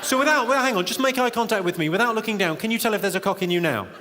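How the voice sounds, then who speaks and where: A man doing stand-up comedy with a deadpan delivery and working the crowd in a large theatre. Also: sits high, rapid-fire, heavy background noise. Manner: deadpan, crowd work with the audience. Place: large theatre with a laughing audience. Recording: live theatre recording with long reverb and loud crowd laughter.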